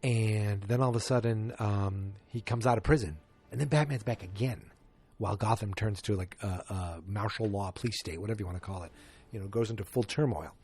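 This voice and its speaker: A man reviewing a film on his podcast, talking loosely and piling up fillers and restarts as he rambles. His voice is fairly low and husky. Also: fairly quick, darkish tone. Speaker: podcast host. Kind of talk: casual movie review podcast.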